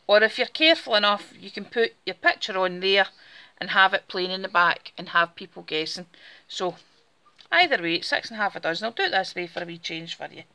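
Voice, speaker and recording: A woman's voice: mid-range voice, sharp tone, clear, resonant tone. A woman with a Scottish Borders accent, chatting casually through a step-by-step craft demonstration while she works with her hands. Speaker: craft tutorial host.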